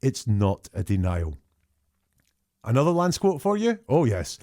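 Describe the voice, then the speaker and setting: Mellow-voiced man dissecting statements. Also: medium pitch, wildly swooping pitch, a little slow, no room sound, clean studio sound. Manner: conversational, picks apart quotes word by word. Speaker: statement analyst host. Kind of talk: analytical commentary.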